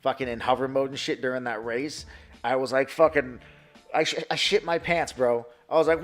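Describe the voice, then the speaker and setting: A man in his thirties from New York chats casually on a live stream, answering chat in a profane, excitable, rambling way. His voice sits on the high side and moves a little fast.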